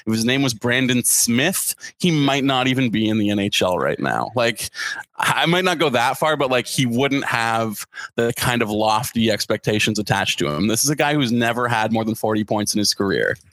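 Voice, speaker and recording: A man's voice: mid-range voice, animated, normal speed, a bit bright, no room sound. A man guest on a podcast chatting casually about hockey, blunt and sarcastic, dropping lots of "like" fillers.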